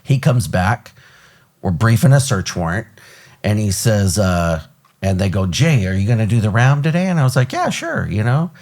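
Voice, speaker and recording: A middle-aged man hosting an interview, telling a story with lively acted-out quotes. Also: on the low side, normal speed. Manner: animated storyteller, acts out quotes. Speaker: podcast host.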